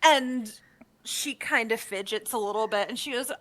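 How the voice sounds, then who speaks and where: A woman narrating as dungeon master, with brisk narration, frequent fillers and mid-sentence corrections. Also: a little high, a bit bright. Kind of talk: narrating a tabletop game.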